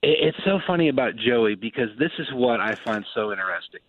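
A man hosting casual racing talk, telling stories with lively quoted voices. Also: mid-range voice, fast, crowd noise. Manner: animated storyteller, acts out quotes. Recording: dry tinny phone-like sound.

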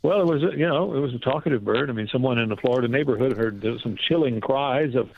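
A male correspondent giving a news report down the line, relaxed and rambling with fillers. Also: medium pitch, fast talker, creaky, few pauses. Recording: tinny phone line.

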